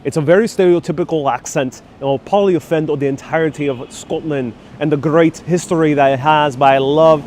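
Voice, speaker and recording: A man's voice: fairly high pitch, fairly even intonation, brisk, few pauses, a little mellow, a little hiss or hum. Joking man live-streaming from a street. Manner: joking, self-deprecating, reads chat messages aloud. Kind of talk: casual live-stream chat. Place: outdoors on a rainy city street. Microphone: wireless clip-on mic on a phone rig.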